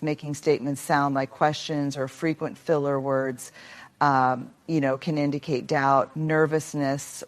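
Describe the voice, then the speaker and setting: A woman giving a scripted motivational narration, measured and explanatory, stressing key words. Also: low-pitched.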